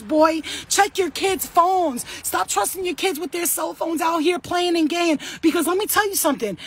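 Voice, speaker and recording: A woman in her thirties, sweaty and shaken, giving an urgent, blunt and profane talk to camera as a vlogger. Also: sits high.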